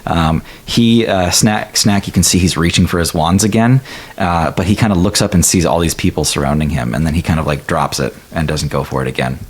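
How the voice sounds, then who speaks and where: A man's voice: sits low, fairly quick, husky. A man narrating as game master of a tabletop game, rambling with many fillers.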